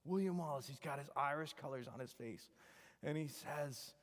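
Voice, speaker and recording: Guy professor doing a joking devo talk for students, kinda high voice, big echoey chapel. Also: moderate pace. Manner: joking, animated, wry asides. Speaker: engineering professor. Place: chapel hall. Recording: long hall reverb.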